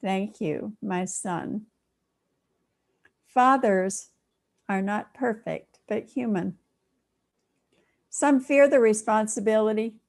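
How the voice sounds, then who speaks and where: Older woman minister, sermon storyteller, mid-pitched, expressive pauses. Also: gravelly.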